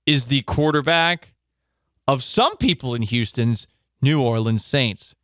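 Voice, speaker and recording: A man hosts a sports talk show and riffs in a loose, joking way. His pitch is middling and the sound is dry and close. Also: a little slow, dry recording. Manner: joking, riffing, animated. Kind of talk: casual comedic sports talk.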